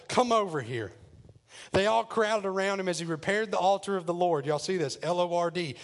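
Preacher, jokey and lively. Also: male voice, high voice. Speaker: pastor. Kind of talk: sermon storytelling.

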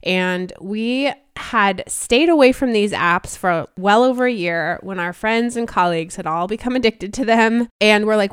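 A woman co-hosting a podcast in casual chat, animated and quick to laugh. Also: medium pitch, smooth, no room sound, studio quality. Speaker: podcast co-host.

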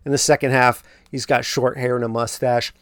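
A man talks through a film plot at mid pitch in a loose, chatty way, with plenty of fillers. He keeps breaking off to point out what really happened. The sound is close and dry, with no room echo. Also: flat delivery, normal speed. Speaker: podcast host. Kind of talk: casual film recap.

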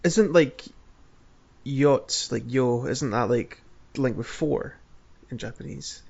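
A man co-hosting a podcast, chatting casually in a slow, wry drawl. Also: mid-range voice, gravelly, darkish tone, husky, lo-fi sound. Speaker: podcast co-host. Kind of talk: casual chat. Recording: noisy mic.

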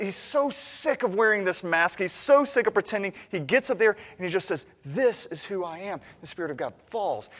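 A man preaching a sermon as pastor, swinging from hushed asides to loud, impassioned appeals. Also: sits high, in a large hall.

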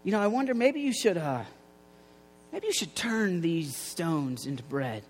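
A man's voice: sits high, sing-song, unhurried, pitched below the performer's own voice, full character voice. A man voicing Satan as a sly tempter, coaxing and hesitant, in a room with long reverb.

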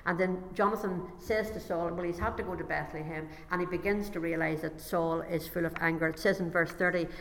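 A woman's voice: on the low side, fairly even intonation, a little fast, hardly any pauses, a bit bright. Woman preaching in an echoing hall. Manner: reads scripture aloud and breaks off to explain it. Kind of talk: sermon with Bible reading.

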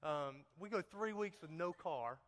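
A man's voice: fairly high pitch, unhurried, a bit bright. A man giving a folksy, joking testimony to a church congregation, talking straight to the crowd. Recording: long hall reverb.

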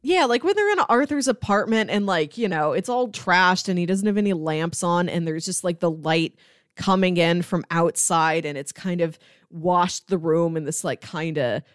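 Woman, podcast co-host, dry close sound, thoughtful, slows to list points. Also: lowish voice, no echo. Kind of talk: casual chat.

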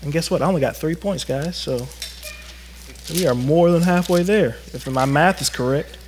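Guy preaching a sermon in a church, kinda high voice, long hall echo, acts out little stories. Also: normal speed, slight background noise. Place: church sanctuary.

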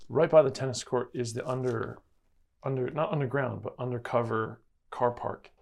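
Gravelly man telling an earnest story. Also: medium pitch, fairly even intonation, moderate pace, a little mellow. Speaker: co-host. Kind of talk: casual Bible-study chat.

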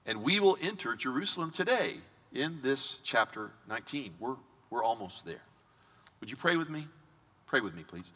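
A male pastor preaching a sermon to his congregation, lively and joking, talking straight to the people in front of him. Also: mid-range voice, moderate pace. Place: church sanctuary. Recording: long reverb of a big church hall.

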